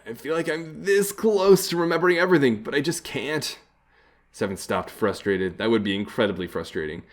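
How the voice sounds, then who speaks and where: A man's voice: medium pitch, expressive, brisk. Casual man reading a game aloud. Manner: casual, chuckling asides between read lines. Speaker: let's play host.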